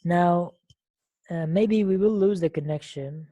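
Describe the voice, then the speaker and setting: A woman's voice: lowish voice, fairly even intonation, unhurried, dark tone. A woman teaching an English lesson on an online call, speaking patiently and repeating words and questions for her learners.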